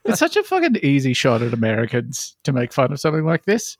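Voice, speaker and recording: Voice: medium pitch, wildly swooping pitch, fast talker, no room sound, clean studio sound. A podcast co-host, ranting and swearing through loose comedic banter on a live online show. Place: home studio, live online stream.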